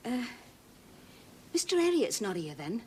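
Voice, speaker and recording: A woman's voice: on the high side, sing-song, unhurried, mellow, a little hiss or hum. An actress playing a polite, hesitant farm woman, worried about her herd.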